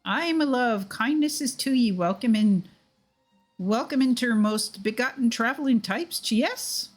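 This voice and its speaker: A woman's voice: on the high side, animated, unhurried, soft background music, voice pushed up. A woman voicing a fairy godmother with a put-on Irish accent and sing-song, mangled old-fashioned phrasing. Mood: lilting. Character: bubbly fairy godmother woman, garbled lilt.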